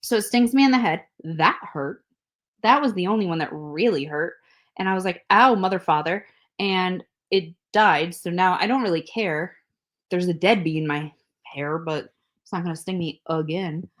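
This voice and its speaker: At a moderate pace and a fairly low pitch, a woman co-hosting a podcast tells an animated, casual story. She frequently laughs and performs what others said.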